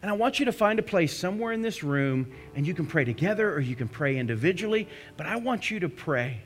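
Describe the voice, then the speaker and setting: A man preaching a communion sermon as a pastor, swinging between passionate cries and hushed prayer. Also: fairly high pitch, expressive, fast talker. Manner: impassioned storytelling, rising to cries then hushing to prayer.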